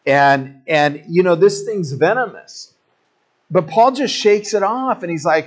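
Pastor, male, slightly higher voice, casual animated storyteller in the pulpit. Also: measured pace. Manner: conversational, animated storytelling with jokey asides. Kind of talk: sermon.

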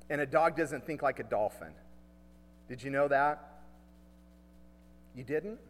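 A man's voice: sits high, a bit bright, in a large hall. A male pastor preaching a sermon in a conversational way, asking the congregation questions and repeating key lines.

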